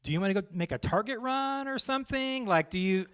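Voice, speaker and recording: A man's voice: high voice, fairly quick, clean tone. A man voicing a laid-back, casual young man who shrugs things off and calls people "bro.". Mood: shrugging. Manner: relaxed, shrugging, says "bro".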